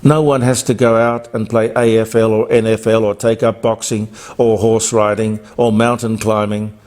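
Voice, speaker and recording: A man's voice: fairly low pitch, little pitch movement, normal speed, a little mellow. An Australian man delivering a talk radio opinion monologue. He is blunt and emphatic, and he drifts from one point to the next. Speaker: radio host.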